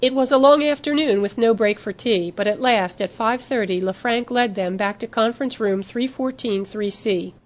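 A woman narrating a novel in an even, steady scripted reading. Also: a little high, normal speed, few pauses. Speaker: audiobook narrator.

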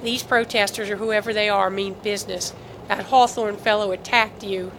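A woman reads a protective male officer in an audiobook. The voice is measured, diplomatic and firm, at a middling pitch. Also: fairly even intonation, fairly bright tone, slight background noise, close to an everyday voice, poor audio. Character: steady male military officer, protective and earnest. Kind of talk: audiobook character reading.

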